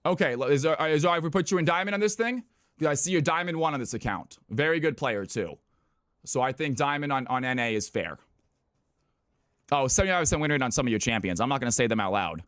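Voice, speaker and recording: A man's voice: medium pitch, animated, fast talker, fairly bright tone, no echo, studio quality. A man hosting viewer games on a live stream, hyped and chatty, often repeating himself as he sorts players. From California. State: out of breath.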